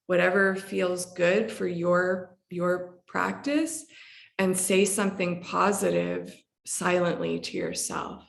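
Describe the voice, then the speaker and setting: A woman hypnotherapist gently explains a calming practice in a relaxed conversation, using frequent fillers and restarts. She speaks slowly in a lowish voice with vocal fry, in an echoey room.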